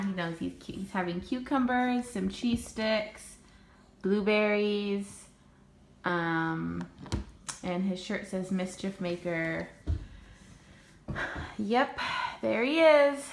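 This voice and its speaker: A young mother coaxing her toddler to talk on camera, sing-song and encouraging, her voice swooping up high. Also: fairly bright tone. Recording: echoey room with faint ambience.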